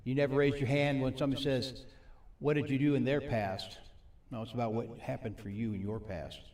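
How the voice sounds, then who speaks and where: A man preaching a sermon at a recovery ministry. He reads scripture slowly and asks the audience questions. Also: mid-range voice, fairly even intonation, a little mellow. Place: meeting hall with a live audience. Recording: echoey hall, mic from a distance.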